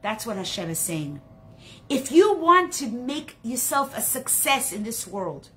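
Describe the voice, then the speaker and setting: A woman teaching a Torah class in an animated storytelling style, acting out the characters in her stories. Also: a little high, unhurried.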